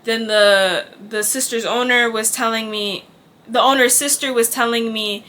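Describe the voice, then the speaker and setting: Bright chatty young woman telling a story. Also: on the high side, fairly even intonation, normal speed, slight background noise. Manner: candid and chatty, swears, acts out quoted dialogue. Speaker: vlogger. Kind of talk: casual storytime.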